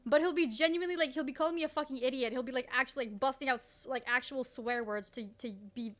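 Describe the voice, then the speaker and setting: A young woman streamer telling a story in casual chat, animated, swearing freely and leaning on "like" a lot. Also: sits high, fast talker. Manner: animated, swears freely, heavy use of "like", laughs often.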